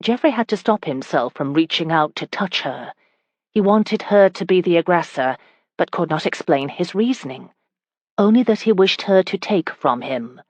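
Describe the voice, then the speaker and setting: Low-voiced woman audiobook narrator. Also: expressive, normal speed, a little mellow, dry recording.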